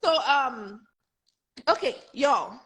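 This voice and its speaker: A woman's voice: high voice, lively intonation, drawn-out words, fairly bright tone, breathy edge. A woman in her thirties hosting a casual interview, reacting playfully. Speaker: host.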